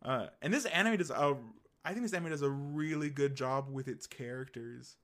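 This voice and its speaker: Hiccupping through a casual chat, a young podcast co-host rambles with enthusiasm, full of fillers and false starts. His voice is medium-pitched and fairly bright, and he speaks at a moderate pace.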